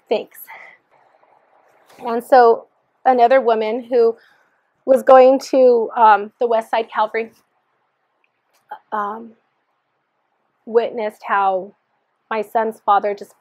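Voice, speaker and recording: Woman guest giving her testimony, higher voice, earnest, acts out quotes; dull, dry recording. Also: flat delivery, slow, long pauses, a little mellow, no echo. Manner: earnest, re-enacts dialogue in quotes. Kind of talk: personal testimony storytelling.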